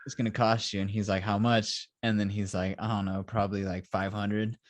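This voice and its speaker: A podcast co-host talks a little fast in a fairly low, level voice, with no echo. During the casual review chat he meanders through scenes, acting out lines with "he's like" quotes and laughing often.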